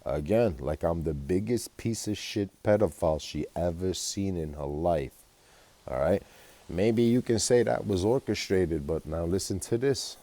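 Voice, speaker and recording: A man's voice: deep voice, warm tone, no room sound. A man telling a rambling, profane personal story in a vlog, agitated and full of fillers. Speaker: vlogger.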